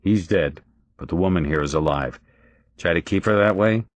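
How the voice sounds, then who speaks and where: A man's voice: deep voice, normal speed, no echo, natural voice. A man voicing a grim male police detective who gives curt, urgent orders.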